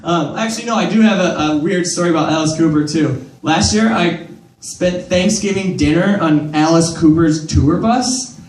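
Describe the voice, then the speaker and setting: A man's voice: on the high side, moderate pace, a little mellow, roomy sound, recorded from a distance, poor audio. A young man doing stand-up in a comedy club, telling a rambling, profane story full of fillers.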